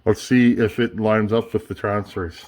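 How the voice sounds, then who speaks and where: A man's voice: on the low side, fairly even intonation, normal speed, darkish tone. A man hosting a casual workshop tutorial, thinking aloud as he works, restarting sentences and checking in with "okay?" often. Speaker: chainsaw builder and channel host.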